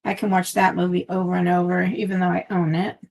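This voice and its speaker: A woman's voice: lowish voice, level tone, quick pace, creaky, darkish tone. A woman hosting a casual craft live stream from home, chatting in a meandering way with lots of fillers, recorded on a phone. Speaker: craft channel host.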